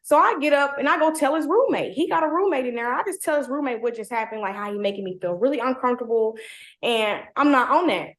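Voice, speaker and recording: Young woman, casual storyteller, slangy and blunt, lots of "like", higher-pitched, echoey room. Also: fast talker. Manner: heavy "like" fillers, slangy, blunt. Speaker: guest telling her story. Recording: roomy echo.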